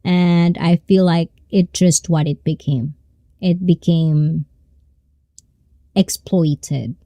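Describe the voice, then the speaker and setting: A woman's voice: on the low side, slow, dark tone, no echo. A woman chatting casually and rambling to viewers on her live stream. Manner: rambling, conversational.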